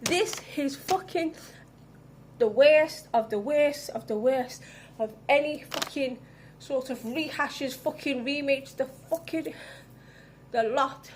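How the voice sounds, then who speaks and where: High-voiced woman ranting angrily. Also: slow, slight background noise. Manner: angry, heavy swearing, ranting. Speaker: vlogger reviewing films. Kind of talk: casual ranting vlog.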